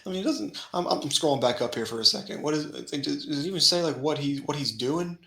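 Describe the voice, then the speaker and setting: A man hosting a casual manga chat who laughs often and acts out scenes with quick put-on voices. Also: a little high, vocal fry, fairly bright tone, roomy sound, poor audio. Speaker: podcast host.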